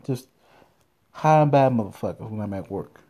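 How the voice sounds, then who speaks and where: A man's voice: fairly low pitch, animated, normal speed, warm tone. A young man hosting a podcast from his car, telling crude, profane stories in a loose, rambling way. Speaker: podcast host. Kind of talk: casual profane storytelling.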